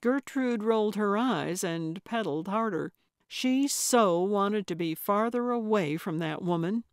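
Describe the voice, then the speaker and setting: A woman narrating a cozy mystery audiobook in a measured, even storytelling voice. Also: mid-range voice, clean tone, no echo. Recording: dry close studio recording.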